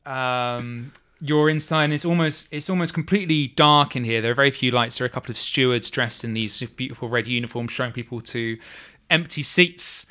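A man's voice: medium pitch, fairly quick, pushed and bright, smooth. A man narrating as game master of a tabletop game, rambling with fillers and restarts.

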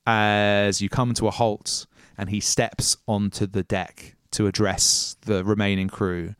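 A man running a tabletop role-playing game, unfolding the story in a measured way with casual asides. His voice sits low and sounds smooth and resonant. The recording is close and dry on a podcast mic. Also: little pitch movement, dry recording. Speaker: game master.

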